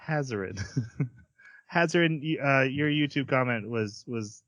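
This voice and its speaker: A man's voice: medium pitch, unhurried, a bit bright, no echo. A man hosting a casual podcast, rambling and restarting his sentences, laughing often. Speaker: podcast host. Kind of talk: casual chat.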